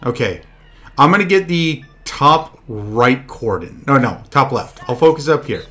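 A man's voice: medium pitch, lively intonation, a little slow, soft background music. Profane young male game streamer. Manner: loud profane outbursts at the game. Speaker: VTuber streamer. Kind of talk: casual game stream chat.

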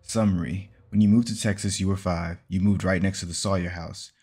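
A man reading a fan story aloud in a plain, steady storytelling manner. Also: sits low, brisk, breathy edge. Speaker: story reader.

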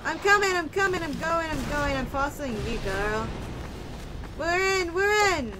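A woman casually commentating her gameplay, excitable and playful, whooping and using slang. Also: extremely high pitch, normal speed, noisy background. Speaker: let's play gamer.

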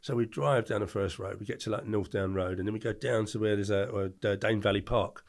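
Guy talking fast with a gravelly voice, telling stories. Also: on the low side. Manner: animated anecdotes with acted-out quotes. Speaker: podcast guest. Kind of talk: casual storytelling.

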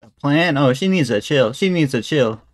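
A man streaming casual reaction commentary, talking to his chat in a relaxed, slangy way. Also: a little high, moderate pace, dry recording. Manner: laid-back slangy, calls chat bro and guys.

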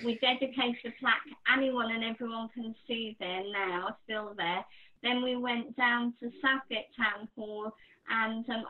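A woman poet talking as an interview guest, chatty, with many ums. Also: fairly high pitch. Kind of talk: casual interview talk. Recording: tinny phone-like line.

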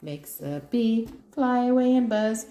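A woman's voice: a little high, animated, a little slow, mellow. A woman reading a first-words workbook aloud to her child, spelling out words letter by letter in a sing-song way. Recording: roomy echo.

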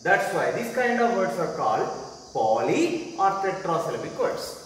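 A man with an Indian English accent teaching an English class, explaining slowly and repeating points with questions to the class. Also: sits high, sing-song, a little hiss or hum. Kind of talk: classroom lecture. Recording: echoey room, voice far from mic.

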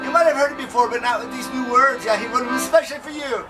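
An American man clowning through a joking video greeting, swinging between shouts and mumbles. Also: extremely high pitch, quick pace, recorded from a distance, loud music behind the voice. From United States. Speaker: comedy musician. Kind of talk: jokey video greeting with song parody.

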